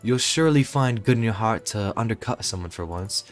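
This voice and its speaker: A man's voice: on the low side, expressive, a little fast, faint music behind, natural voice. A man voicing a brash, scrappy young woman trader who haggles in slangy, clipped speech.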